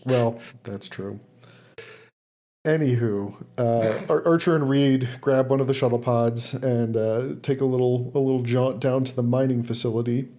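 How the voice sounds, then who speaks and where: In a casual recap of the episode, a male podcast co-host speaks at a moderate pace with a mellow, steady, medium-pitched voice. He sprinkles his summary with filler words and laughter.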